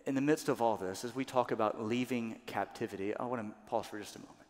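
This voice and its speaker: A man preaching a sermon as pastor, animated, often acting out quoted voices louder and higher. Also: fast talker. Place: church sanctuary. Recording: church sanctuary with long reverb.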